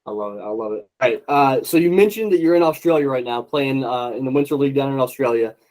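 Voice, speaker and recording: A man's voice: medium pitch, fast talker, darkish tone, poor audio. A man hosting a casual interview podcast, chatty with lots of filler words. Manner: chatty, many fillers, friendly. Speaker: podcast host.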